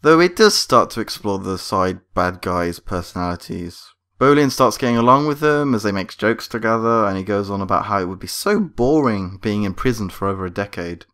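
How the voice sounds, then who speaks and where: A man's voice: lowish voice, animated, brisk, hardly any pauses, fairly bright tone, clean tone. A man giving scripted critique commentary on a cartoon episode, sarcastic and exasperated. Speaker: video reviewer.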